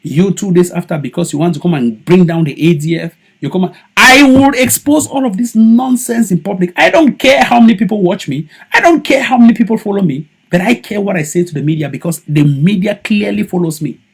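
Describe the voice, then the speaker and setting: A man's voice: sits high, expressive, fairly quick, creaky, few pauses, husky. A man with a Cameroonian English accent mixed with Pidgin, giving a heated, accusatory political monologue and repeating lines for stress. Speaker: political activist. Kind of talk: impassioned video monologue.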